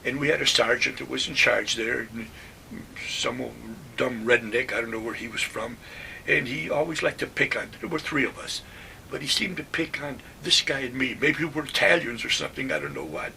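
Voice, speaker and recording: A man in his nineties from Western New York telling his army stories in a plainspoken, animated way. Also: medium pitch, moderate pace, gravelly, distant mic, slight background noise. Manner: plainspoken, animated retelling with acted-out quotes. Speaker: WWII veteran telling war stories. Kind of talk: oral history storytelling.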